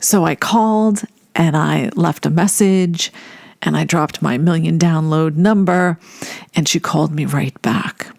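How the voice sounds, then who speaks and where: A woman telling a personal story in an animated way, laughing often as she recalls a first meeting. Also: low voice, measured pace, creaky, no echo, clean studio sound.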